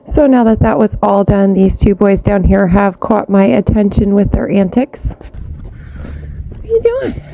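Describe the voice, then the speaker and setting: A woman's voice: medium pitch, fairly even intonation, moderate pace, creaky, few pauses, dark tone, a little hiss or hum. A young woman vlogging at her barn, chatting and baby-talking to her horses and cat as she works. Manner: chatty, talks to the animals in baby-talk. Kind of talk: casual vlog chat with horses. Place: outdoor barn and paddocks.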